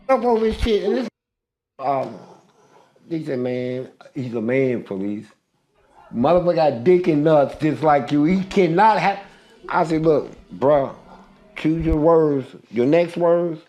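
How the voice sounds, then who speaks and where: Older male interview guest, gravelly voice with a touch of fry, a bit high-pitched, loud profane storyteller.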